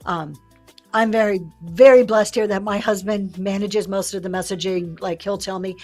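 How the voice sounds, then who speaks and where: A woman hosting a livestream, teaching sellers in a lively way and acting out the lines she quotes. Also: mid-range voice, normal speed, soft background music. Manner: lively, acts out quoted sales talk. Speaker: live-selling host.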